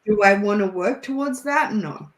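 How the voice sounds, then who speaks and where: A woman's voice: mid-range voice, normal speed, reverberant. A woman with an Australian accent, chatting as a guest over a video call and telling stories with frequent laughter. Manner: chatty, animated storyteller who laughs often. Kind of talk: casual chat.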